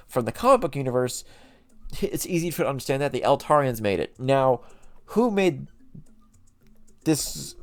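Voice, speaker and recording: A man's voice: medium pitch, darkish tone. A man casually recapping show lore as a channel host, chatty and rambling, often correcting himself mid-sentence.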